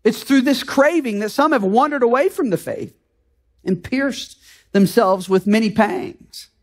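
A man's voice: very high voice, unhurried, darkish tone. A male pastor from the United States preaching a sermon in an earnest, conversational way, with frequent rhetorical questions to the congregation.

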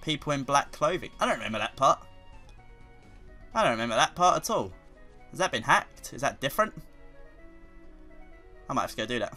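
Excitable man commentating a video game. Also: medium pitch, fairly quick, pauses often, faint music behind. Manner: excitable, swears often, sudden loud outbursts. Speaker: let's play commentator.

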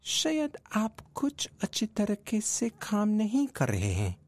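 Thin frail old holy man, slow and soft, high wavery voice as a guy puts him on. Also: huge pitch swings, full character voice. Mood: gentle. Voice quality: thin, feeble voice. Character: frail elderly male spiritual sage.

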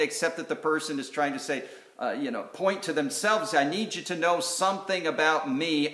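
A man preaching a sermon as pastor, earnest and halting, with many fillers and restarts. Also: on the high side, fairly bright tone, reverberant. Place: church sanctuary.

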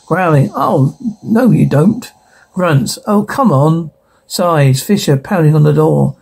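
A man reading a horror comedy episode aloud, speaking the dialogue and flatly reading out the sound cues in between. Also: a little high, a little slow, vocal fry, slight background noise, low-quality recording.

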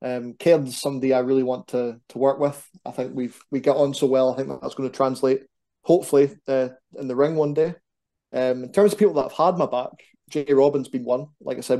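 A young Scottish man chatting animatedly as a wrestler guest on a podcast. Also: mid-range voice. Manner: animated, quick to banter. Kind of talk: casual podcast chat.

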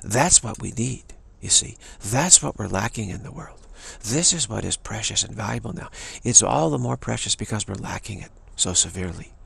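A man's voice: fairly low pitch, animated, normal speed, vocal fry, hardly any pauses, fairly bright tone, slightly rough. A man giving an emphatic spiritual talk, repeating and restarting phrases as he presses his point. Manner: emphatic, repetitive, many restarts. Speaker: spiritual teacher.

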